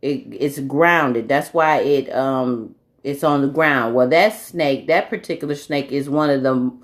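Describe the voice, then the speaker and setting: A woman with a notably low, deep speaking voice talks straight to her camera in a loose spiritual monologue. She rambles earnestly, circles back and corrects herself as she goes. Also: a little slow. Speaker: vlogger.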